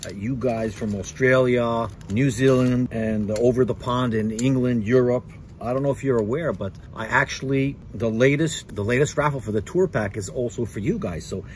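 A friendly man talks in a loose, rambling way, recorded in his home garage. His voice sits at an ordinary middle pitch, with a faint hum of noise behind it. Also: a little mellow. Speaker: motorcycle vlogger. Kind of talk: casual vlog chat.

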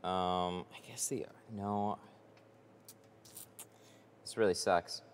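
A man with a fairly low voice talks loosely to his livestream viewers, rambling and full of fillers. His voice trails off into long reverb, the way it does in a tint workshop. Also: steady tone, extremely slow, a little hiss or hum. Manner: chatty, rambling, frequent fillers. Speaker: window tint installer streaming live. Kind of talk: casual livestream chat. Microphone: headset.

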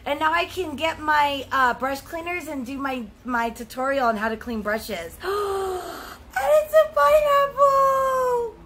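With hardly any pauses, a young woman speaks in a high-pitched voice at a moderate pace while opening mail for her vlog. It's a casual unboxing chat at home, full of excited gasps and squeals, with background noise audible.

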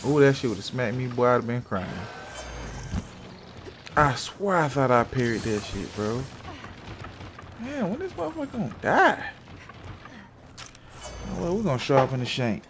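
Animated, slangy man over loud game noise. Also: medium pitch. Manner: profane, slangy trash talk at the game. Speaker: gamer. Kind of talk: casual gameplay commentary. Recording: game sounds loud behind the voice.

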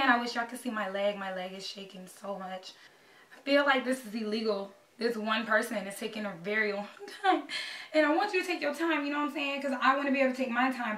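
Nervous chatty young woman vlogging, sharp bright voice, mic a bit far off. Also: fairly high pitch, echoey room. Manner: anxious, excitable, chatty. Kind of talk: casual vlog talk to camera.

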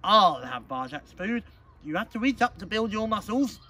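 A man's voice: sits high, big pitch swings, normal speed, recorded from a distance, voice pushed up, heavily acted. A man reading a storybook aloud, voicing a boastful, bullying young male cat. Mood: sneering. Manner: loud, sneering.

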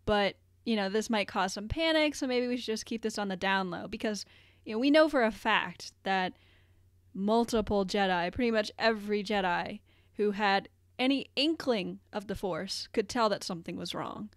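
Female podcast co-host, mid pitch, relaxed and chatty, dry close-mic sound. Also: moderate pace, no room sound. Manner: thoughtful, conversational, lots of fillers. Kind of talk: casual podcast discussion.

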